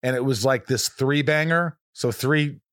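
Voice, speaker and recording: A man hosting a podcast, telling stories in a lively, animated way and swearing freely. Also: medium pitch, unhurried, clean tone, no echo, studio quality. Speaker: podcast host. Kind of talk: casual chat.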